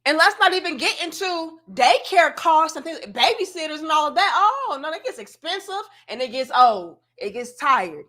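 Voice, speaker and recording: A woman's voice: sits high, very animated, moderate pace, few pauses, fairly bright tone. A woman hosting a casual commentary show, talking emphatically and straight to her audience like she is lecturing them.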